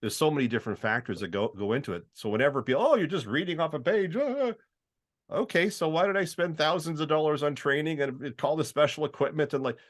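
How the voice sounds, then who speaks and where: A man's voice: fairly high pitch, lively intonation, quick pace. A middle-aged man from Canada, a voiceover artist chatting casually as a podcast guest, often acting out the voices he describes.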